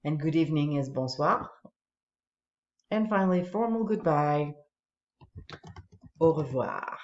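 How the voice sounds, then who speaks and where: A French teacher whose voice sits low speaks animatedly at a normal speed as she demonstrates an online flashcard tool for students. She's patient and explains everything step by step in this screen-recorded tutorial. Audio quality is dull and lo-fi, with echo from the room.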